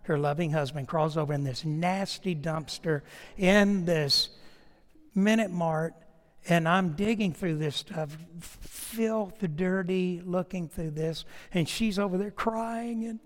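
A man's voice: fairly high pitch, unhurried. A male pastor, preaching a sermon through folksy, humorous storytelling that turns into earnest appeals. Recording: long hall reverb.

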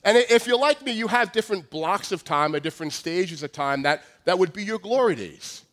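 A man's voice: sits high, lively intonation, fairly quick, fairly bright tone. A nasal man in his forties with a Long Island accent, preaching a joking, self-deprecating sermon with lots of restarts. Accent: Long Island New York. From Long Island, New York. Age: 40s. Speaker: pastor.

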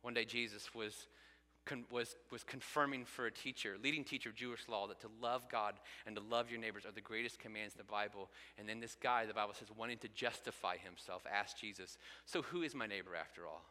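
A bright-voiced male pastor in his thirties delivers an earnest sermon in a large church sanctuary. His clear, forceful tone rises to emphatic peaks, and a long reverb trails each phrase around the hall. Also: fairly low pitch, fairly quick.

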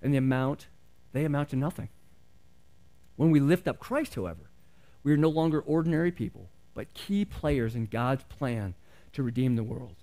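A man's voice: medium pitch, animated, moderate pace, warm tone. A middle-aged male pastor preaching a sermon in an earnest, conversational way, asking the congregation questions.

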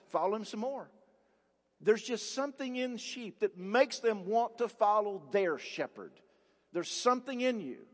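A man's voice: high-pitched, fairly bright tone. A man preaching a sermon as pastor, emphatic, firing rhetorical questions and repeating words for force. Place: church sanctuary. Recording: long reverb of a large church hall.

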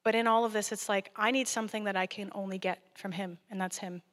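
A woman delivers a sermon in a plain, conversational way, earnest and direct. Her voice sits at an ordinary middle pitch. It rings out with the long reverb of a church hall. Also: steady tone, fast talker, fairly bright tone. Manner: earnest, conversational, laughing at times. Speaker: guest preacher.

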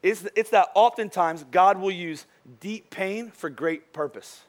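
A man preaching a sermon as a pastor, his voice worn from speaking all day. He tells jokey stories and drops soft and slow for the serious points. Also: high-pitched. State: voice wearing out from a long day of preaching.

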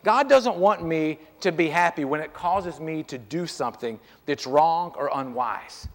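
A man's voice: fairly high pitch, expressive, measured pace. A middle-aged man preaching a sermon as pastor, in a conversational style with frequent restarts and repeated words. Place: church sanctuary. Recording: church hall with long reverb.

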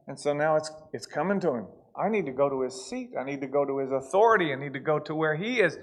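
A man preaching a sermon, swinging between hushed asides and loud, pleading passages. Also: on the high side, animated, quick pace, hardly any pauses. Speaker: pastor.

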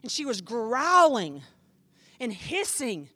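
Woman pastor teaching a class: high-pitched, chatty, emphatic teller with a dry sound. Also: takes it slowly, no echo. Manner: animated, emphatic, conversational with many fillers.

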